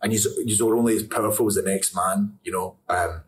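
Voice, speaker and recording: A young Scottish actor with a lowish voice answers interview questions about acting fairly quickly and with fairly even intonation. Chatty and prone to rambling, he laughs a lot; the distant mic adds faint ambience and a little hiss or hum.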